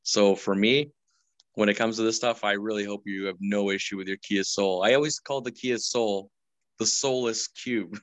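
A man's voice: fairly low pitch, fairly even intonation, normal speed, no echo, low-quality recording. A man guesting on a podcast in casual chat, laid-back and rambling, often chuckling.

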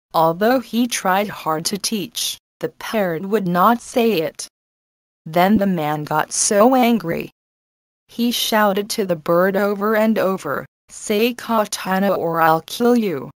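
Slow, careful woman teacher reading. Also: mid-range voice, no echo. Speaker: English teacher. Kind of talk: scripted lesson narration.

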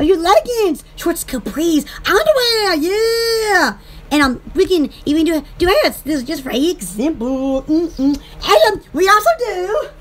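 A woman's voice: extremely high pitch, a bit bright. A woman, chatting in a rambling, bubbly way as an online shop host, often breaking into giggles. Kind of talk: casual rambling chat.

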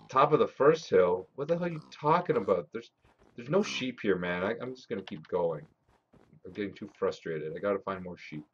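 A man streaming a game live, talking to his chat and swearing often as he grows frustrated. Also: lowish voice. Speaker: gaming streamer. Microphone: desk mic. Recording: slightly dull lo-fi stream audio.

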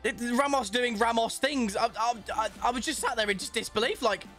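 A young man commentating excitedly on a football video game, often shouting at the referee. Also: very high voice, fairly quick, music in the background. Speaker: gamer.

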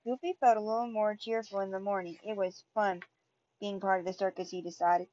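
A woman reading a storybook aloud, halting and restarting over words. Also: mid-range voice, fairly even intonation, darkish tone. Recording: dull lo-fi recording.

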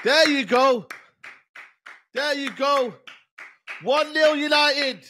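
Male fan, high and bright, slow mocking reactions over faint noise. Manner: laughing, mocking banter. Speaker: football fan. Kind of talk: live match reaction.

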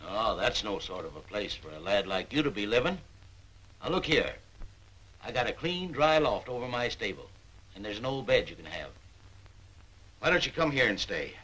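An actor playing a blunt, folksy older grocer who grumbles about the nobility. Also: male voice, fairly low pitch, expressive, normal speed, long pauses, pushed and bright, slight background noise, poor audio. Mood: grumbling. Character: gruff older male grocer, blunt, distrustful of nobles. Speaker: shopkeeper.

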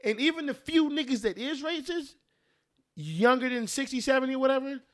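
A man's voice: extremely high pitch, normal speed. A young man hosting a podcast, rambling and swearing casually as he tells stories, after a few drinks. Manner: rambling, profane, restarts often, animated storytelling. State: has been drinking. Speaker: podcast host. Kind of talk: casual chat.

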